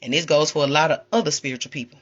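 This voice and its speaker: A woman's voice: low-pitched, steady tone, very fast, husky, highs cut off. A woman giving a sassy, preachy, scolding spiritual rant to her viewers on a livestream. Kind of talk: ranting livestream monologue.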